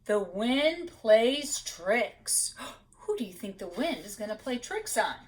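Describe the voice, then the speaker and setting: At story time, a woman reads a children's picture book aloud, interrupting herself with gasps and small asides to her young audience. Her high, sing-song voice swoops widely as she lingers slowly over every line, with slight background noise.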